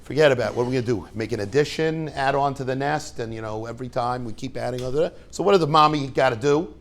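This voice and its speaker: A man's voice: mid-range voice, quick pace. A man, a rabbi giving an informal, joking lesson to his students and tossing questions at the class.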